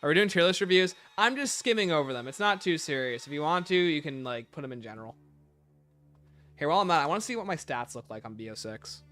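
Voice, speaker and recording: A man's voice: fairly high pitch, lively intonation, fast talker, sharp tone, soft background music. A man casually chatting and joking on a livestream as the streamer, thinking aloud as he talks.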